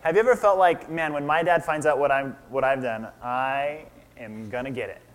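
A man's voice: mid-range voice, normal speed. A man in his thirties preaching a sermon, retelling a story and asking his listeners questions. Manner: asks the audience questions, acts out quotes.

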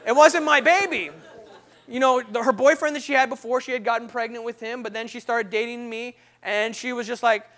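Man, thirties, preacher, lively storytelling sermon, very high voice, bright tone. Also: a little fast. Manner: storytelling, animated, jokes with the congregation. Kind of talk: sermon testimony.

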